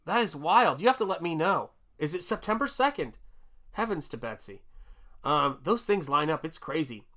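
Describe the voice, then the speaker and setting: A middle-aged American man chats his way through a live painting stream, reading viewer comments aloud and reacting with quick exclamations. His voice sits a bit high for a man and has a bright, forward tone. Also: sing-song. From United States. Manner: chatty, reads out viewer comments, exclamations and laughs. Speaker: artist hosting a livestream. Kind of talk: casual livestream chat while painting.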